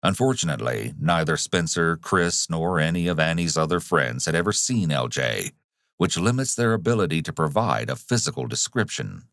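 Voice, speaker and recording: A man giving measured, dramatic scripted true-crime narration. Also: low voice, gravelly, a bit bright, no echo, studio quality.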